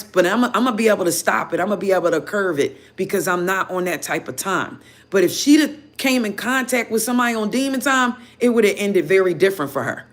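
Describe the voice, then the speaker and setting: A woman tarot reader casually telling viewers a story in an animated, chatty way, full of "you know" fillers. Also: mid-range voice. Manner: animated, chatty, heated when retelling.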